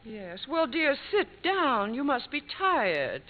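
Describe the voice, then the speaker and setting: A gentle, fussing middle-aged wife speaks softly in a very high, lively voice in a 1950s radio comedy. The old broadcast sounds thin and tinny. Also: female voice, takes it slowly, full character voice. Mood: solicitous.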